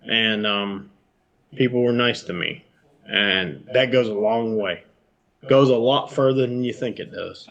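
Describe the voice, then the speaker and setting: A middle-aged man from Georgia with a Southern US accent, chatting as a guest on a remote call, telling animated stories and swearing freely. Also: on the low side, measured pace, highs cut off. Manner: animated storyteller, swears freely, jumps between topics. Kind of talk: casual chat.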